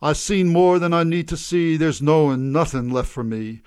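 A man's voice: on the high side, moderate pace, a little mellow, clear, resonant tone, voice pushed up, lightly acted. A man voicing a deserted man lamenting his lost wife and son in rhymed street speech, in a read-aloud poem. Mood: bitter. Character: abandoned middle-aged man singing his blues.

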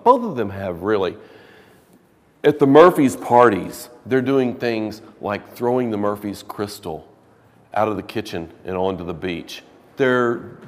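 A man with a low voice lectures to a literature class in a classroom. He talks casually, then throws dramatic emphasis into the passages he reads aloud. His voice rings on in a long, reverberant echo. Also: darkish tone. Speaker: literature teacher.

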